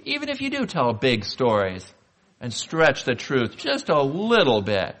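A male pastor delivering a sermon in a conversational manner, asking the congregation questions and slowing down for emphasis. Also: medium pitch, huge pitch swings, fairly bright tone. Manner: conversational preaching with rhetorical questions and slow emphatic pauses.

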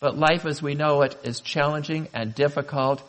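A pastor preaching a sermon, telling stories earnestly with dramatic pauses and rising emphasis. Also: male voice, on the high side, steady tone, fairly bright tone, rough recording.

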